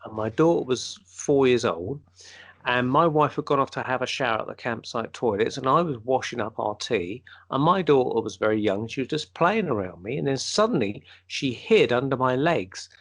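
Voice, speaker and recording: A man's voice: mid-range voice, moderate pace. A man co-hosting a podcast, telling a long personal story in casual chat and acting out the voices of the people in it. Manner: animated storyteller, acts out quoted speech. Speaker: podcast co-host.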